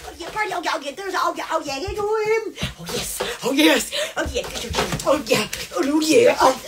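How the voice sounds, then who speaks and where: A woman's voice: high-pitched, animated, normal speed, noisy background. A woman with a Southern American accent, rambling on a phone live stream, giddy and exclamatory, breaking into squeals and laughter. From Alabama. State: sweating in the heat. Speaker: social media live streamer. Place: hot room at home.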